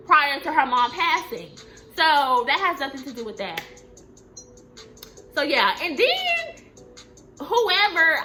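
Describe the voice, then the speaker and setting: A young woman with a bright, forceful, fairly high voice tells a storytime over faint music. She's blunt and cursing, and her pitch leaps when she acts out what people said. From Texas. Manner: blunt, profane and animated, acting out quotes with big pitch jumps. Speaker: vlogger telling a storytime. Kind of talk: casual storytime monologue.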